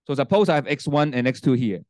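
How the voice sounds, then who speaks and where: Animated and quick, this man's mid-range, slightly mellow voice carries a university lecture in which he demonstrates a spreadsheet. He's a lecturer whose first language is Cantonese, and he often says "okay?" and "right?" and restarts sentences. The recording is dry and studio quality, via a handheld mic sometimes set down.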